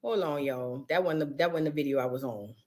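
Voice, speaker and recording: A woman from New Orleans with a New Orleans accent, hosting a reaction show in animated, chatty and profane talk with her viewers. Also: sits low, fairly quick. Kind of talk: casual reaction chat.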